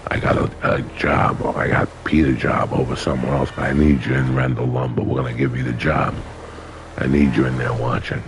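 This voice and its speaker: Gravelly deep-voiced older man telling stories. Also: little pitch movement, a little fast, background noise. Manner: profane, colorful storyteller acting out other people's lines. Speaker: guest. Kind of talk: casual storytelling.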